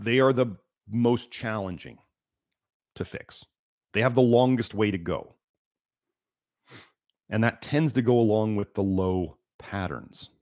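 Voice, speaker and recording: A man's voice: fairly low pitch, a little mellow, no room sound, clean studio sound. A man hosting a health livestream, lecturing emphatically and repeating key words for stress. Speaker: livestream host.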